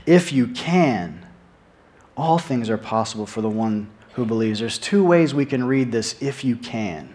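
A man's voice: medium pitch, a little mellow. A man preaching a sermon in an earnest way, often repeating words as he stresses a point.

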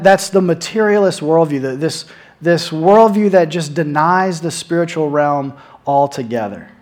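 Male preacher, sermon, earnest, repeats words for emphasis, slightly high pitch. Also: darkish tone. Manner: earnest, repeats words when stressing a point.

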